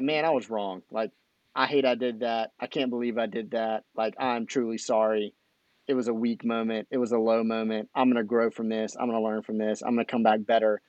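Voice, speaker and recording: A man co-hosting a podcast, talking through a sports story in casual chat, upbeat and quick in bursts. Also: mid-range voice, steady tone, a little mellow, dry recording, dull audio. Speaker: podcast co-host.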